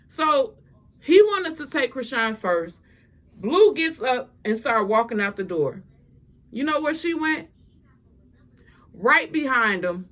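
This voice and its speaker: A woman's voice: high voice, big pitch swings, slow, pauses often, a bit bright. A woman giving casual gossip commentary, blunt and exasperated, and swearing freely.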